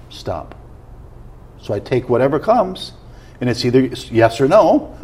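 Husky man explaining earnestly. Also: medium pitch, expressive, normal speed, darkish tone. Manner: earnest, explanatory, asks questions to check. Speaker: guest teacher on prayer. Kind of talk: teaching in a conversation.

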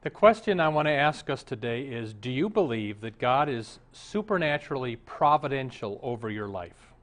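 A man's voice: medium pitch, lively intonation, normal speed, fairly bright tone. A man, a pastor, preaching a conversational sermon with jokes and direct questions to the congregation.

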